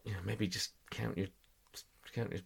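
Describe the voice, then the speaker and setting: A man's voice: lowish voice, level tone, moderate pace, vocal fry, slightly rough. A man co-hosting a casual boxing podcast, talking in loose, hedging sentences and steering the topics. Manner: conversational, hedging with "you know", leads the segments. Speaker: podcast co-host.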